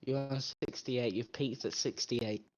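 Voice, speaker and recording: A young man playing a game with a friend on a voice call, excitable and yelling at what happens on screen. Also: medium pitch, measured pace, muffled recording. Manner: excitable, shouts at game events. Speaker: co-streamer. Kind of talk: casual gaming chat on a voice call.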